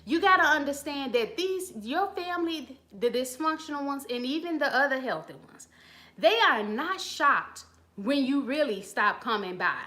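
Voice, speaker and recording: Woman, high voice, live-stream host, blunt, preachy, slangy, phone mic. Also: lively intonation, normal speed, pushed and bright. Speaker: channel host giving advice. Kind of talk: live-stream chat, reading viewer comments.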